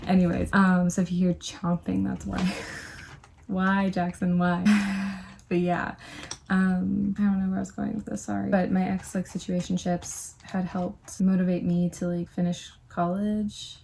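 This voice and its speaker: A woman's voice: fairly low pitch, little pitch movement, measured pace, gravelly, a little mellow, a little hiss or hum. A young woman talking casually to the camera at home in a rambling, chatty way, full of "like" and asides. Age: young adult. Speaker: vlogger. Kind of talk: casual chat.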